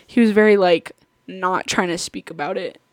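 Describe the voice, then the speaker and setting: A woman's voice: on the low side, steady tone, normal speed, no room sound, clean studio sound. Chatty woman telling stories on her podcast. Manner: chatty, rambling, laughs often. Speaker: podcast host. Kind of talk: casual storytelling chat.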